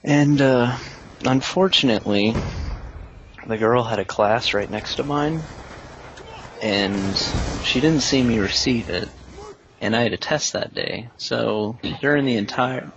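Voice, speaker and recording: A man's voice: medium pitch, unhurried, highs cut off, noisy background. A young man telling a rambling, self-mocking story to friends in a casual chat, chuckling at himself.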